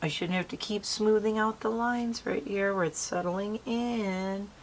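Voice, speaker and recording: Doing her makeup outside in a gentle breeze, a chatty, bubbly beauty vlogger talks to her viewers in a casual tutorial. Her mid-range voice is a little slow with fairly even intonation, and there's slight hiss or hum.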